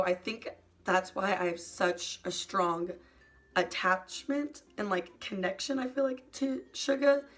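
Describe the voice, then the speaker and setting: A young woman YouTuber talking in a soft, hesitant confessional vlog, full of "like" fillers and sometimes close to tears. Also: mid-range voice. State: emotional, near tears at times.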